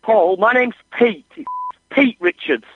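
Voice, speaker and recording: Indignant man on a phone line, husky high voice. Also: unhurried, dry recording. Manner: indignant, excitable, swears. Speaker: prank call target. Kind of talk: phone conversation.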